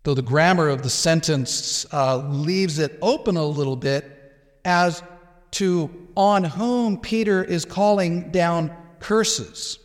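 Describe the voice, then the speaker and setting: A man with a slightly raised pitch delivers an expository sermon, explaining verse by verse with restarts and small asides. His voice rings out in a church sanctuary, trailing a long hall reverb. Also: slow. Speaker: pastor.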